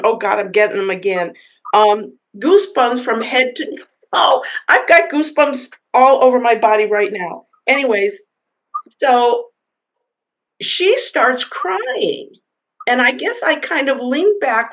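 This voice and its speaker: A woman in a church group telling a personal story in a chatty, halting way, with many fillers and restarts. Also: on the high side, expressive, rough recording. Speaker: church member sharing a story. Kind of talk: casual storytelling.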